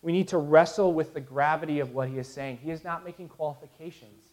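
A pastor in his thirties preaches to his congregation fast, in a steady voice on the high side. He's earnest, often restarting his sentences and letting out soft laughs.

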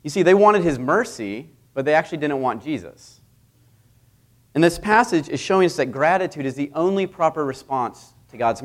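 A man in his thirties delivering a sermon as a visiting preacher, telling stories in a conversational way with lively dramatic swings. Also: fairly high pitch.

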